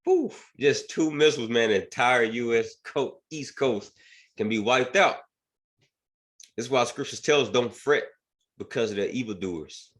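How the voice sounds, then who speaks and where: A man's voice: mid-range voice, a little slow, fairly bright tone. A man teaching scripture and commenting on news in an emphatic preaching manner, often asking "right?". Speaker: bible teacher.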